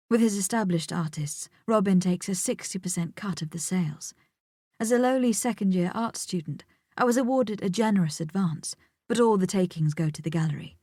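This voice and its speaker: A woman's voice: medium pitch, a little fast, warm tone, no room sound. Intimate, dry-voiced woman audiobook narrator. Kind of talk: first-person audiobook narration.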